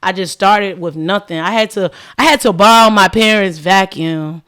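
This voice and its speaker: A woman speaks as a podcast guest in an easy, chatty way. Her voice sits at a middle pitch, and she tells her story with real animation. She often slips into the voices of the people in it, and "like" runs all through her speech. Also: normal speed, clear, resonant tone. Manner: animated, acts out quoted dialogue, frequent "like". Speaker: podcast guest, cleaning business owner. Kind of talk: casual storytelling chat.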